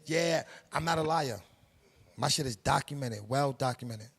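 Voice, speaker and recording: A man's voice: medium pitch, normal speed, gravelly, a bit bright, slightly rough. A middle-aged man with a New York accent from Harlem, speaking casually and emphatically in an interview, full of street slang and life lessons. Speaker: production company head.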